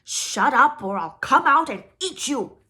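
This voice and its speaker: A woman voicing a sleepy, menacing giant male troll who shouts threats in a storybook. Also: sits high, sing-song, unhurried, pitched above the performer's own voice, heavily acted. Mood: bellowing. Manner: loud and threatening.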